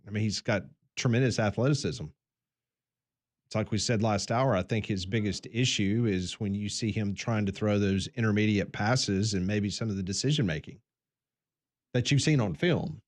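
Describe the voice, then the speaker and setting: A man's voice: lowish voice, normal speed. A man co-hosting a morning sports talk radio show, laying out the news with asides. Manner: chatty, explains the news with asides.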